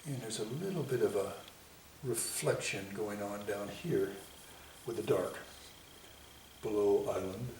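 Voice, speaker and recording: A man giving a painting lesson, talking himself through each stroke in an unhurried, self-commenting way. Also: lowish voice, a little mellow. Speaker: painting instructor. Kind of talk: painting demonstration. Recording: echoey room, mic at a distance, faint hiss.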